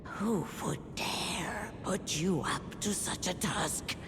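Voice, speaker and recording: An actress voicing a mysterious, solemn young woman who gives warnings in video game dialogue, speaking in a hushed, grave, partly whispered way. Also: lowish voice, slow pace. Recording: reverberant game audio with noise.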